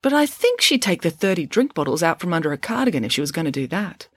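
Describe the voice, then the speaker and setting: A woman reading the part of a sardonic schoolgirl who makes deadpan, wry remarks in a lifted voice. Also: lowish voice, fast, no room sound. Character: sardonic, quick-witted schoolgirl, wry and gloomy.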